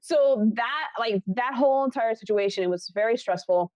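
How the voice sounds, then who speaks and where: A woman's voice: fairly high pitch, moderate pace, darkish tone. A young woman from Buffalo, New York, a film assistant director, telling a story in a casual interview. She acts out the people she quotes and laughs often.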